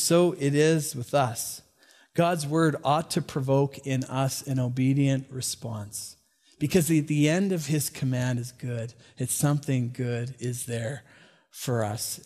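Middle-aged man, pastor in the pulpit, high voice, storytelling sermon with asides and chuckles. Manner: storytelling, animated with asides and small laughs.

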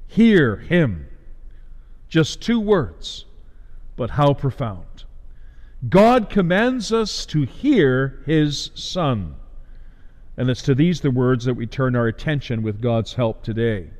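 A man delivering a sermon as a preacher, measured, with emphatic rises and slowed stresses. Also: mid-range voice, expressive, darkish tone, in a large hall.

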